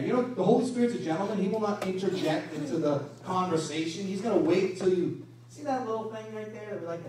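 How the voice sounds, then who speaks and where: Male pastor, high voice, lively sermon delivery, distant mic in a very roomy hall. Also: fast, a little hiss or hum. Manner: animated preaching with rhetorical questions. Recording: echoey room from a distance.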